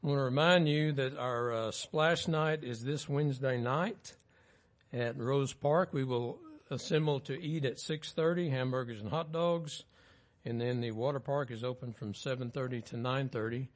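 A man reads out the church announcements. His speech is relaxed and folksy, with a medium pitch. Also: normal speed. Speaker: pastor.

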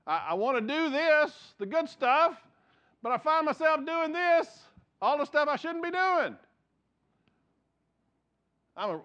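Earnest male pastor in his forties, higher-pitched, sermon on a muffled lo-fi recording. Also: a little slow, long pauses, fairly bright tone. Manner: earnest, repeats words while building points.

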